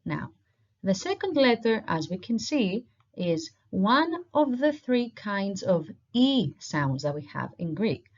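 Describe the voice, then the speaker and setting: A woman's voice: medium pitch, sing-song, takes it slowly, a little mellow. A woman teaching a recorded online language lesson, explaining patiently step by step while pointing at slides. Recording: dull lo-fi recording.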